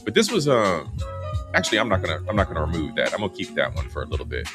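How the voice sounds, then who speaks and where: A man's voice: low-pitched, very animated, rapid-fire. A man hosting a casual late-night livestream, greeting viewers by name and chatting in a laid-back way. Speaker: host. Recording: music playing behind.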